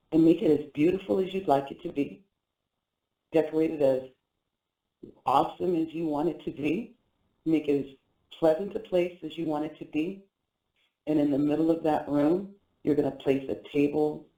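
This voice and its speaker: A man's voice: fairly high pitch, dark tone, reverberant, poor audio. A man hosting a motivational talk show as a life coach, speaking earnestly and repeating phrases to encourage listeners through a guided visualization. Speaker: life coach and podcast host.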